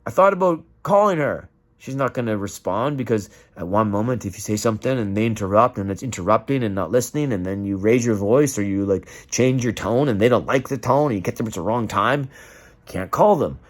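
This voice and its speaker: A man's voice: on the low side, expressive, a little fast. A man delivering an emotional, profane rant straight to camera and acting out the voices of the people he quotes. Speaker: vlogger.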